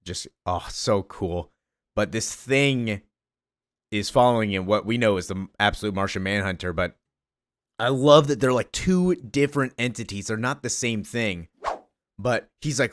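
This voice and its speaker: Excited man gushing over a comic. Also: fairly low pitch, unhurried, no room sound, studio quality. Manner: excited, gushing, reads character lines with slight voices. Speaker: comic book reviewer. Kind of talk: enthusiastic comic recap.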